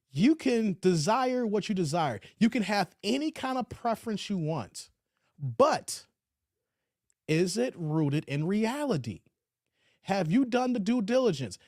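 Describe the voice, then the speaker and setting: A man's voice: high voice, darkish tone, dry recording, studio quality. A man hosting a livestream in casual chat, reading viewer comments aloud in a laid-back, slangy way. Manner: laid-back and slangy, often ends lines with "man" and "y'all". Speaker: livestream host. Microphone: streaming setup.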